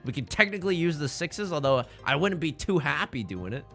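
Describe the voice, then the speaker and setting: A man live-streams a game, rambling and joking with his chat between plays. His slightly high voice is very animated, fairly quick and fairly bright, with vocal fry and faint music behind him.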